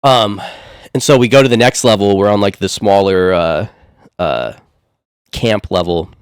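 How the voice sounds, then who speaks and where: A man's voice: on the low side, measured pace, clear, resonant tone, dry recording, studio quality. A man co-hosting a podcast, telling a long story in a rambling way with lots of fillers. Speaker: podcast co-host. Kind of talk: casual podcast chat.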